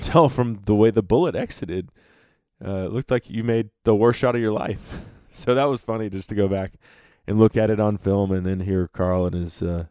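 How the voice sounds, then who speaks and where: A man hosting a podcast, telling a hunting story in a lively way, acting out what others said and laughing often. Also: lowish voice, smooth, dry recording, studio quality. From North America. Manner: animated storyteller, acts out quotes, laughs often. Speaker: podcast host.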